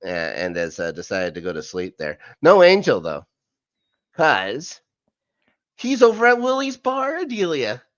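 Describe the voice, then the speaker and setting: A man's voice: mid-range voice, huge pitch swings, unhurried, dry recording, highs cut off. A man co-hosting a podcast, recapping an episode in a casual, rambling way with many fillers and asides. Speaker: podcast co-host. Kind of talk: casual rewatch recap chat.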